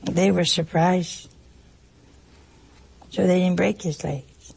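A woman preaching an emotional sermon, pausing dramatically and dropping at times to a whisper. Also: on the low side, steady tone, vocal fry, a little mellow, slightly rough.

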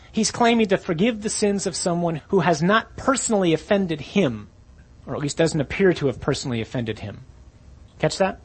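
A man's voice: a little high, husky. A man preaching a sermon in a conversational way, often putting questions to his listeners.

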